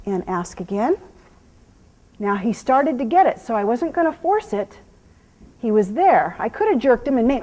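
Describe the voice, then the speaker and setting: Higher-voiced woman coaching horse training. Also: sing-song, normal speed, pauses often, dark tone, low-quality recording. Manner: soothing praise to the horse, explaining steps to viewers. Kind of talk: instructional clinic talk while working a horse.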